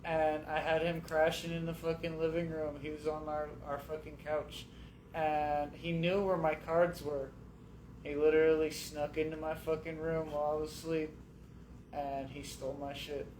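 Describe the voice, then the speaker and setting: A slightly higher-voiced man talks as a radio guest, telling his stories bluntly and with plenty of cursing. The room sounds echoey, with a faint hiss behind him. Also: level tone, moderate pace, darkish tone. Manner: profane, emphatic storytelling. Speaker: guest rapper. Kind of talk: casual radio chat.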